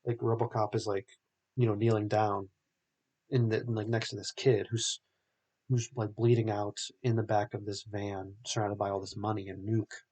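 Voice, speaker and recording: A man's voice: fairly low pitch, level tone, normal speed, mellow, slightly rough. A young man hosting a podcast, recapping a film in a rambling, casual way full of filler words. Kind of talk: casual chat.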